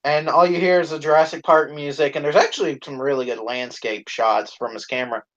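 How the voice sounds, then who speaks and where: A man co-hosting a live stream, telling a profane, animated story in casual chat. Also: a little high, a little fast, highs cut off.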